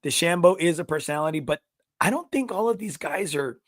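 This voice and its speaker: A man hosting a golf podcast, telling stories in casual chat, swearing freely and bursting into shouts. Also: on the high side, animated, fairly quick, no room sound, studio quality. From South Texas. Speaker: podcast host. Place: podcast studio.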